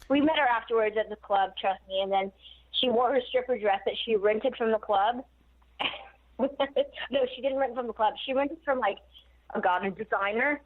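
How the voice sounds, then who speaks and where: A woman guest telling stories in a casual interview, animated and laughing often. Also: on the high side, normal speed. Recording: tinny phone line.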